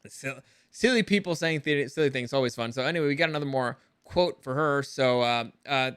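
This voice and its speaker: Man, rambling and crisp. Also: mid-range voice, brisk, fairly bright tone, no echo, clean studio sound. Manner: rambling, swears freely, laughs at own jokes. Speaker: entertainment news vlogger. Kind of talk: casual commentary.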